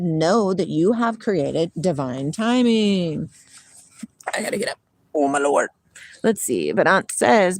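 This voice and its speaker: A woman's voice: medium pitch, darkish tone, no room sound. Chatty woman livestreaming, dry close sound. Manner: chatty, laughs often, reads spiritual passages aloud. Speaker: livestream host. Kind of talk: casual livestream chat.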